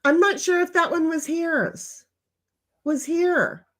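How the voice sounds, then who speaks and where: High-voiced older woman chatting bluntly. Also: takes it slowly, fairly bright tone. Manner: blunt, rambling and profane. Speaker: livestream host reading chat. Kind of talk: casual livestream chat.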